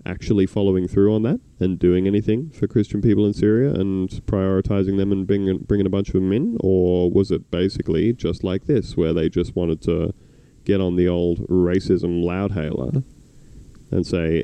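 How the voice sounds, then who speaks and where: A man's voice: low voice, fairly even intonation, moderate pace, dark tone, clear, resonant tone, no echo. An Australian man hosting a podcast, talking in a sardonic, rambling way with many restarts. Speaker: podcast host. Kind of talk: casual chat.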